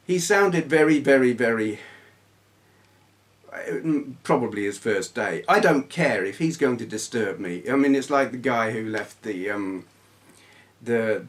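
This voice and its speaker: A retro gaming YouTuber in his thirties chats casually in a rambling vlog. He tells grumbly stories in a blunt, swearing manner, his mid-range voice fairly bright in tone.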